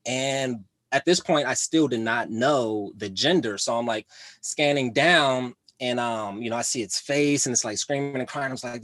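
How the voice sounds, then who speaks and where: A man's voice: medium pitch, fairly bright tone, no echo. A man doing a stand-up comedy set, with a laid-back, rambling delivery full of fillers.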